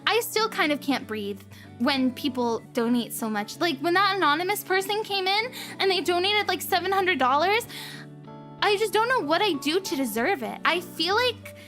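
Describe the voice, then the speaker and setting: High-voiced gushing woman streamer. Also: lively intonation, moderate pace, fairly bright tone, soft background music. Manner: gushing, emotional, giggly. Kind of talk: casual livestream chat.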